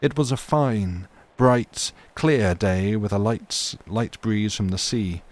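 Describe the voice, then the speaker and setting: A man reading a classic story aloud on a livestream, steady and measured. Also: lowish voice. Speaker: reader of classic fiction.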